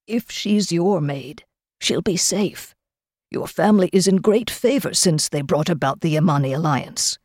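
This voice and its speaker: A woman voicing a humble middle-aged male servant, speaking low, quiet and pleading. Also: unhurried, no echo, clean studio sound.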